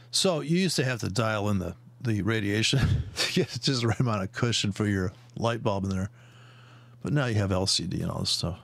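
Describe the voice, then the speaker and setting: A man's voice: mid-range voice, creaky, fairly bright tone, no echo. A man giving rambling, profane and sarcastic commentary on market charts while sharing his screen, wandering off on tangents and mocking other traders.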